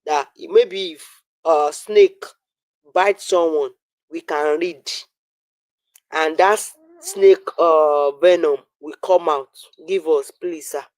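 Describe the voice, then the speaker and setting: A man's voice: a little high, slow, dry recording, poor audio. A man with a Nigerian accent arguing on a live stream, pressing his point with repeated fillers. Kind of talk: heated live-stream debate.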